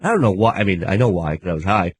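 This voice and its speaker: A man's voice: deep voice, animated, fast talker, a little hiss or hum. A man on a radio talk show, chatting and telling a story, laughing often as he goes. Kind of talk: casual radio chat, storytelling.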